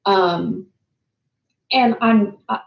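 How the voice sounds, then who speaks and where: A woman talks in a loose, rambling way, filling her pauses with ums and doubling back on her words. Her voice has a gravelly, creaky edge. She sounds like she is in a roomy space, and the recording is a little dull. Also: medium pitch. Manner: rambling, frequent ums and word repeats. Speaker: host of a reflective talk series. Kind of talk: casual reflective monologue.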